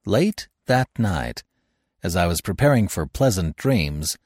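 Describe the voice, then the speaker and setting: A man reading a first-person story aloud as the narrator, in an expressive, theatrical style. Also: low-pitched, unhurried, no echo, studio quality. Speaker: audiobook narrator.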